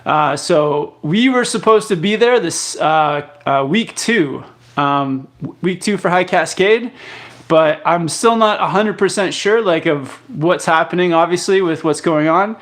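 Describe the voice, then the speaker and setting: Young man, slightly high voice, laid-back rambling live chat, lots of ums and restarts. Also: a little slow. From Canada. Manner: relaxed, rambling, many fillers and restarts. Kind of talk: casual live stream chat reading viewer comments.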